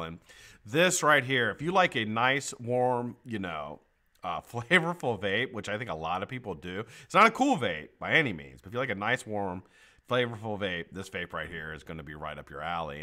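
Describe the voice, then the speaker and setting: Bright, lively man chatting on a live stream. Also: fairly low pitch. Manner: profane, joking, laughs often. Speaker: livestream host. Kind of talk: casual live-stream chat.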